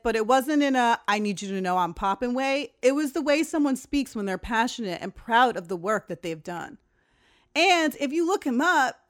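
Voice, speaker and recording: Candid, profane storytelling woman. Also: a little high. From Long Island, New York. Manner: candid, profane, animated retelling with quoted voices. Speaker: podcast host. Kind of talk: casual storytelling monologue.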